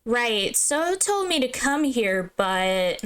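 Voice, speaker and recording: A young woman chatting casually over a game, giggly and playfully dramatic. Her voice is smooth and a little high, and she talks at an unhurried pace. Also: very animated, fairly bright tone. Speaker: game streamer. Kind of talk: casual let's-play commentary.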